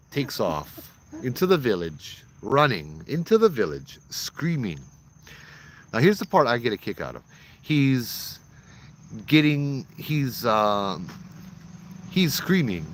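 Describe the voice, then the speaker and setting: A man's voice: mid-range voice, very animated, slow, fairly bright tone, slight background noise. A man casually telling ghost stories as host, chatty and using local slang. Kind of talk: casual storytelling.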